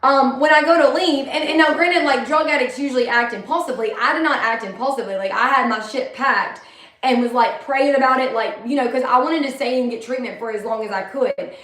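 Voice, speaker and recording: High-voiced woman, candid and rambling. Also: a little fast, fairly bright tone. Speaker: vlogger. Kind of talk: personal monologue. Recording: echoey room.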